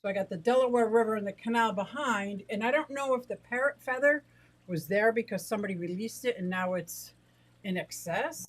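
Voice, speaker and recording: Breathless, excitable woman chatting live. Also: medium pitch, a little fast, low-quality recording. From United States. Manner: chatty, excitable, greets chat viewers. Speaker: aquarium and exotic pet livestreamer. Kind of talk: casual livestream chat.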